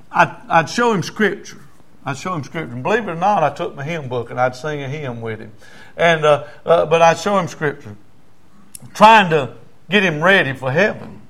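A man's voice: fairly high pitch, fairly bright tone. A man, preaching and telling a story in a folksy way, full of "I said, he said" and building to fervent emphasis. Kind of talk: testimony story in a sermon.

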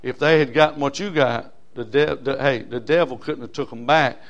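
A middle-aged man preaching a sermon. He calls out to his congregation for amens and swings between loud and soft delivery. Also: mid-range voice, normal speed, highs cut off.

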